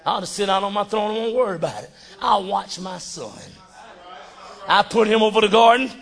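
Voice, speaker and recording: A man voicing God as a calm, commanding male deity in a sermon, with shouted calls. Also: high voice, fairly quick, vocal fry, pitched below the performer's own voice. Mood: musing.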